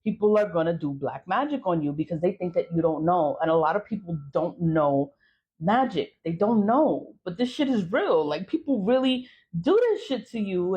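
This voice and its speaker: A woman's voice: medium pitch, moderate pace, dull audio. A woman talking straight to camera in a blunt, profane warning rant, telling stories with lots of energy. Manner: blunt, profane, animated storytelling. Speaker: vlogger.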